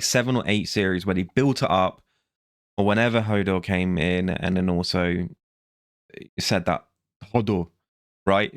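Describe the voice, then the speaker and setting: A man's voice: low voice, no echo, studio quality. A tired man, ranting in a rambling, sarcastic vlog review that keeps correcting itself. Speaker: vlogger.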